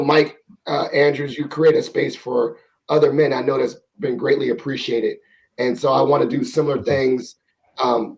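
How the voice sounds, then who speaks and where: A man hosting a podcast in a casual, joking way, with a naturally raspy, gravelly voice. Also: mid-range voice, darkish tone, poor audio. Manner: easygoing, self-joking, slangy. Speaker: podcast host.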